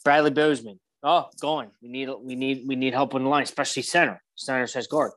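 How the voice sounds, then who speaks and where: A man co-hosting a casual sports chat, talking in animated bursts with plenty of fillers. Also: mid-range voice. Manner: animated, quick bursts of excitement, many fillers. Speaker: podcast co-host.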